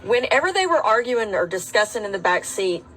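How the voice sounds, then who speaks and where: A woman tells a personal story straight to camera. She is matter-of-fact and a bit defiant, speaking at an even, middling pitch. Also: fairly quick, poor audio. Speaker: rideshare driver telling her story.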